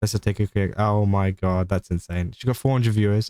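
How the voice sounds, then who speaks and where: A man's voice: lowish voice, brisk, warm tone, clear, resonant tone, no echo. A young British man casually commenting on clips, rambling with lots of fillers and restarts.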